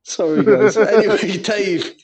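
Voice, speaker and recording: A man's voice: sits high, unhurried, crowd noise. A man co-hosting a podcast, telling crude stories in casual banter and laughing often. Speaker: podcast co-host.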